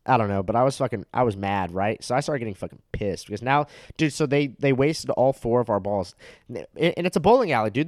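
A man's voice: medium pitch, animated, quick pace, no room sound, studio quality. A young man telling a rambling, profane comedic story that keeps getting heated, with plenty of filler words.

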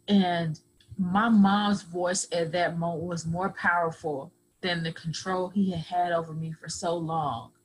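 A woman on a podcast telling a personal story in an earnest voice that sits a little low. She acts out what each person said as she goes. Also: poor audio. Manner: earnest, acts out others' words in dialogue. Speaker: podcast guest.

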